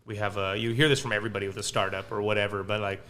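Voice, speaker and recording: A pizza restaurant owner from Palo Alto, California, rambles casually as a podcast guest, full of restarts, fillers, and frequent likes. His voice is on the low side, level and fairly bright, and he talks very fast over slight background noise.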